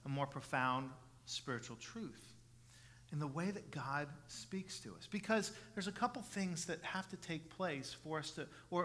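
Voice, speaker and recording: A middle-aged man preaching a sermon as pastor, earnest, restarting phrases with repeated words and building from soft passages to loud emphatic ones. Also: a little high. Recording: long reverb of a large hall.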